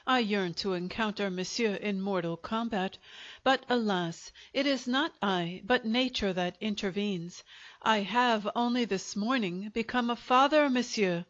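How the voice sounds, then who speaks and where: A woman's voice: mid-range voice, a little slow, fairly bright tone, no echo, muffled recording, lightly acted. A woman voicing a sad, urbane male French undertaker who speaks with polite regret. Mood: regretful. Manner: courteous, regretful.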